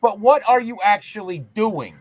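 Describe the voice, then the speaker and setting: Blunt, ranting man, fairly high voice. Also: moderate pace. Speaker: panelist. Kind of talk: heated political chat. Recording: dry, muffled lo-fi sound.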